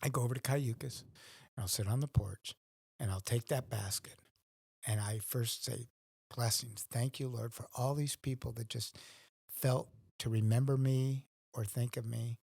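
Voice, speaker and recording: Earnest middle-aged male guest, gravelly and dry-sounding, acts out his thoughts. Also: mid-range voice, steady tone, unhurried, a little mellow, no room sound. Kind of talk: casual conversation.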